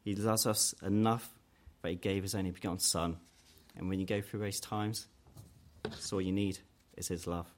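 A man preaching a sermon in an earnest way, growing louder and higher when he voices quoted challenges. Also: steady tone, normal speed. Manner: earnest, rises in pitch and force when quoting mockers.

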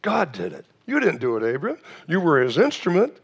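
A man's voice: on the high side, wildly swooping pitch, fairly quick, creaky, slightly rough, muffled recording. A man preaching a sermon in a church, asking rhetorical questions, with frequent restarts and fillers. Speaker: pastor.

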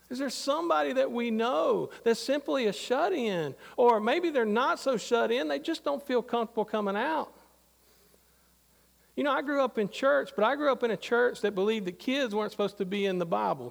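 Man, pastor, sermon, storytelling asides, gravelly voice, hall reverb. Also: sits high. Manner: conversational, anecdotal preaching with asides.

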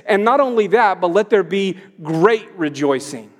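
Middle-aged male pastor, high voice, emphatic sermon delivery, church sanctuary with long reverb. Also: expressive, normal speed. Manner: emphatic preaching, swelling on commands.

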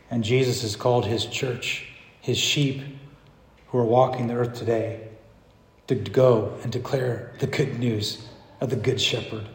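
A man pastor preaching a sermon, swinging from hushed, low passages to loud, emphatic declarations. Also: echoey room, big-room sound.

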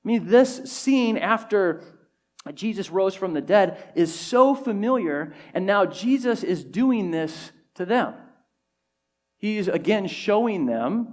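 Man preaching in a higher voice. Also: lively intonation, measured pace, darkish tone. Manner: storytelling, acting out quoted dialogue. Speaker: pastor. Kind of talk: sermon. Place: church service before a congregation.

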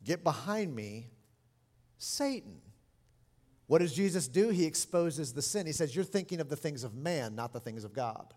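A middle-aged man preaching a sermon as pastor, animated and expressive, lively in his delivery. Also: a little high, fairly quick, hardly any pauses. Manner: animated preaching, lively mimicry of scolding parents. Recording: long hall reverb.

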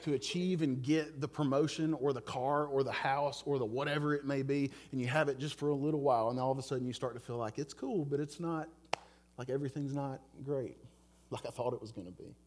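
A man's voice: medium pitch, steady tone, a little fast, darkish tone, a little hiss or hum. A middle-aged man, preaching a sermon in a conversational, earnest way, telling a personal story and asking listeners direct questions. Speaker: pastor.

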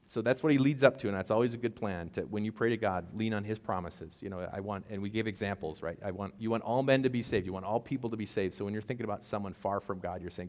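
A man with a lowish voice gives a relaxed, conversational sermon, telling the story with jokes and asides. His voice carries a long reverb, as if he is speaking in a large hall. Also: quick pace, hardly any pauses. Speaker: pastor.

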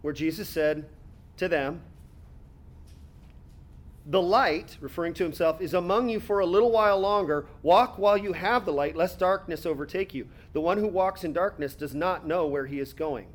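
High-voiced man preaching a sermon. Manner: reads scripture aloud, then explains it conversationally; slows down and stretches words for emphasis. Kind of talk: expository sermon.

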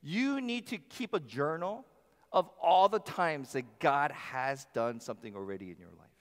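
A male pastor preaching a sermon in a church, emphatic, swinging between loud passages and soft ones. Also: on the high side, lively intonation, moderate pace. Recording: long reverb of a large hall.

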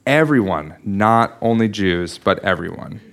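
A man's voice: lowish voice, animated, a little slow, gravelly, a bit bright. A man preaching a sermon, explaining a Bible passage in an earnest teaching manner with frequent restarts and small asides. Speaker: pastor.

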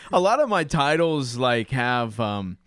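American pastor dude chatting on a podcast, rambly, laughs a lot, mid-pitched voice. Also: male voice, sing-song, a bit bright, clear, resonant tone, no echo, studio quality. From United States. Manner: rambling, self-interrupting, quick to laugh. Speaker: pastor and preacher. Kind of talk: casual chat.

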